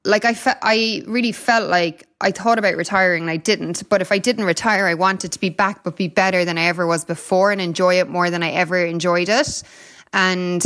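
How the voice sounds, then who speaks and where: A woman's voice: on the low side, steady tone, brisk, fairly bright tone. Irish woman guest, thirties, chatty storyteller, laughs and fillers a lot. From Ireland. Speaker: guest, retired Olympic runner. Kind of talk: casual interview chat.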